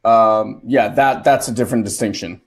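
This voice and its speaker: A man with a somewhat low voice shares a personal family story in an earnest, conversational way. He tells it in a natural anecdotal flow on a relaxed coaching podcast. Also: normal speed. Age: adult, a father. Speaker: co-host and transformation coach.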